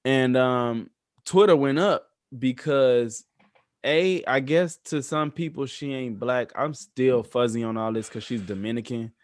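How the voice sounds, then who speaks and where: A man's voice: mid-range voice, a little slow, no echo, clean studio sound. A young man co-hosting a podcast, talking in a laid-back, reflective way and explaining things at length. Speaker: podcast co-host. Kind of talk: casual chat.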